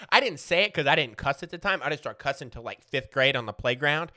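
A man's voice: on the high side, brisk, sharp tone. A man in his forties telling a rambling, profane childhood story in a casual comedic way, laughing often.

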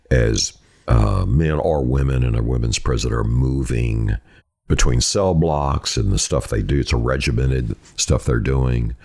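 A man's voice: extremely low pitch, darkish tone. A middle-aged man, a true crime reporter telling stories in an interview and acting out the voices he quotes. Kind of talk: storytelling in an interview.

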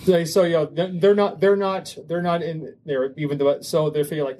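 A man's voice: a little high, fairly even intonation, normal speed, warm tone. A man narrating as game master of a tabletop game, talking with many fillers and restarts.

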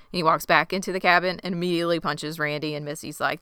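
Bright-voiced woman recapping a show. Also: deep voice, quick pace, hardly any pauses, smooth, dry recording, clean studio sound. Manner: animated recapping, acting out characters' lines. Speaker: podcast co-host recapping a TV episode. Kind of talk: casual chat.

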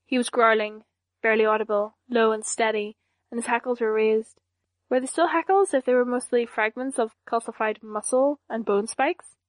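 A woman narrates a first-person audiobook at a steady, even storytelling pace. Her voice sits a little high. The recording is close and dry, with no room echo. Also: normal speed.

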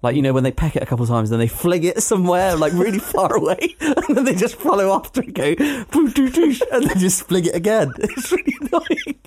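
A man's voice: high voice, sing-song, fast talker, hardly any pauses, a little hiss or hum. A man co-hosting a podcast, telling self-mocking stories with frequent laughter. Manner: giggly, self-mocking storytelling. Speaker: podcast co-host. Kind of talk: casual chat.

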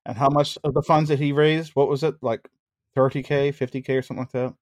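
A man's voice: medium pitch, flat delivery, fast talker, a little mellow, no room sound. A man hosting a casual comedic movie review chat, joking and laughing often. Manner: jokey, laughs often, teasing. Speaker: podcast host.

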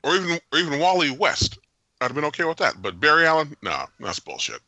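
Man, podcast host, dry close sound, animated, opinionated, casual film review. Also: a little high, quick pace, dry recording. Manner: animated, jokey, opinionated, laughs often. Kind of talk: casual movie review chat.

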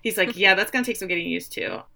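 A woman's voice: mid-range voice, quick pace, vocal fry, pushed and bright. A woman casually recapping a TV episode with a co-host, acting out quotes in playful voices. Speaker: podcast co-host recapping a show.

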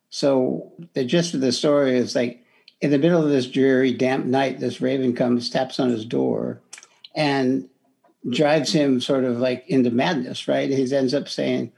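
A man's voice: mid-range voice, level tone, normal speed, gravelly, a little mellow. A man co-hosting a podcast, talking about a book in a loose, conversational way with frequent restarts. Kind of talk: casual book discussion.

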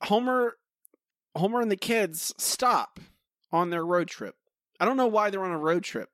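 A man's voice: high-pitched, expressive, measured pace, fairly bright tone, no room sound, studio quality. A man co-hosting a podcast, ranting in exasperation about an episode and saying "like" a lot. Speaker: podcast co-host. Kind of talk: casual episode review chat.

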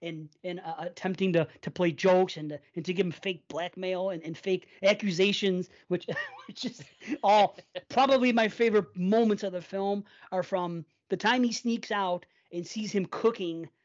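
A woman's voice: lowish voice, moderate pace. A Gen X woman hosting a podcast, chatting casually about a film, laughing often and acting out lines from it. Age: 40s to 50s. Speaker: podcast host. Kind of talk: casual movie chat. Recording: dull lo-fi podcast audio.

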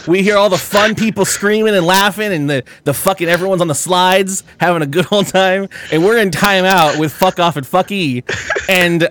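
Speaking at a normal pace with no echo, this man has a high voice. As a podcast host, he tells a long, casual story with plenty of energy, swearing without restraint and acting out the things people said.

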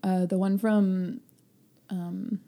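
A young woman co-hosting a casual book discussion. She rambles in an animated way, with many fillers and laughs. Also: medium pitch, very slow. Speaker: podcast co-host.

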